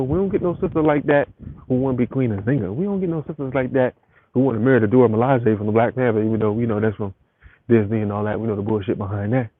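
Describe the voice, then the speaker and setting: A man ranting on a live stream from home, rambling and profane as he talks straight to his viewers. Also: medium pitch. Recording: tinny phone audio with faint hiss.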